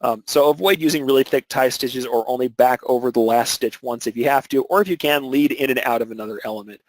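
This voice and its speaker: A man's voice: mid-range voice, quick pace, no room sound, low-quality recording. A man teaching an embroidery webinar, explaining technique step by step with filler words and restarts. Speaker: embroidery instructor.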